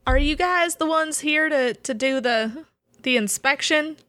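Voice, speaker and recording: A woman voicing a big, gruff but friendly male park ranger in a tabletop game, in a relaxed, casual way. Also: sits high, measured pace, no room sound, pitched above the performer's own voice. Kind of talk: tabletop role-play.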